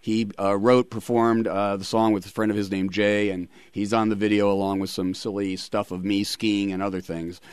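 A man's voice: lowish voice, little pitch movement, normal speed, hardly any pauses, clean tone, no room sound, studio quality. A middle-aged man hosting a radio talk show, chatting in a rambling way with many fillers.

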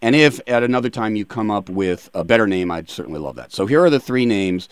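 A man's voice: on the low side, expressive, clean tone, no room sound. A man hosting a radio talk show, chatting casually with a guest and making self-deprecating jokes. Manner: joking, self-deprecating, quick asides.

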